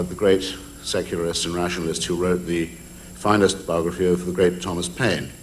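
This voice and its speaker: Wry, low-voiced Englishman cross-examining. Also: a little hiss or hum. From England. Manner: hesitant with ums, wry and ironic. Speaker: debater. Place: large public hall.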